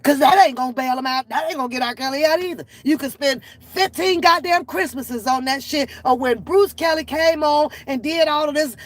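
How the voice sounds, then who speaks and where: A woman's voice: sits high, rough recording. A woman hosting a reaction channel, ranting in blunt, profane, exasperated commentary. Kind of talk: unscripted commentary rant. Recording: faint background noise.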